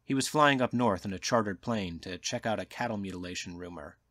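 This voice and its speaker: A man reading a short story aloud in a measured, quiet, subdued narration. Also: fairly low pitch, dry recording, studio quality. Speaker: audiobook reader. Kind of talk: scripted narration.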